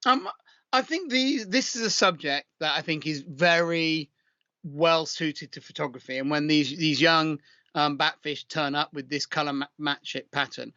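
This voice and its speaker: A man from the UK co-hosting a casual chat, giving measured, critical photo reviews. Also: fairly high pitch, pushed and bright, no room sound. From United Kingdom. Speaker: co-host. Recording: dull lo-fi sound.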